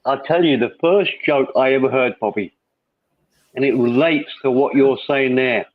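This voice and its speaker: A man's voice: medium pitch, normal speed, dry recording. A man hosting a casual live chat, rambling along and reading viewer comments aloud. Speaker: host. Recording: tinny phone-like line, dry.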